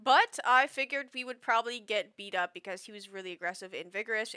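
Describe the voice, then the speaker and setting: A woman streamer giving animated, swearing commentary as she plays a game and talks to its characters. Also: on the high side, fast talker, hardly any pauses, smooth, dry recording. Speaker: gamer streamer. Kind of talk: let's play commentary.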